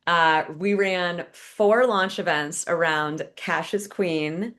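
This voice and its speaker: A woman author hosts a virtual fireside chat over a video call. Her voice sits a bit low, and she talks in a chatty, enthusiastic way. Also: slow, fairly bright tone. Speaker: author and host.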